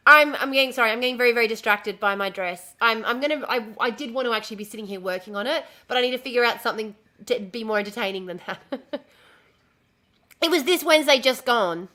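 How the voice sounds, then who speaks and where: Bright-voiced woman chatting on a livestream. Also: fairly high pitch, quick pace. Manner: rambling, easily distracted, swears freely; talks while showing a dress she is sewing. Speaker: streamer. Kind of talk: casual livestream chat.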